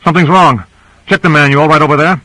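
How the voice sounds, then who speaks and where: A man doing an urgent, high-pitched male pilot. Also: fairly even intonation, fast, bright, forceful tone, no room sound, poor audio. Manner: urgent calling out. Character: excitable male submarine pilot, alarmed.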